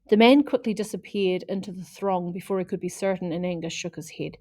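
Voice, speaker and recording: A woman's voice: lowish voice, a little fast, few pauses, no room sound, studio quality. Woman reading a children's book. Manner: lively, voices characters. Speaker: audiobook reader.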